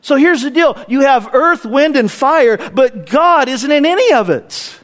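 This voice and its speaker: High-pitched male preacher, middle-aged, dynamic delivery with sudden soft whispers. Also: expressive, a little slow. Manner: dynamic, swings from loud emphasis to hushed whispers. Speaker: pastor. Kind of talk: sermon.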